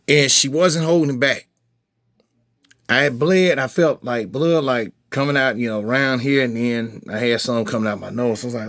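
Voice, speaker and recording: A man with a mid-range voice at normal speed tells followers a casual, profane story, restarting often and leaning on filler phrases. His voice jumps into heated outbursts as he replays his angry responses, with clean studio sound and no echo.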